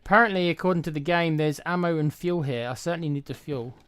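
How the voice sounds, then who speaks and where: A man casually commenting on a video game as he plays, relaxed and blunt, muttering to himself. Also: a little high, fast, clear, resonant tone, dry recording. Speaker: gaming streamer.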